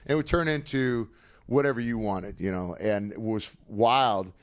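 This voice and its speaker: A man's voice: fairly low pitch, moderate pace, dry recording. A man, a former football player, telling stories energetically in a casual podcast chat. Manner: energetic, animated storyteller with lots of fillers.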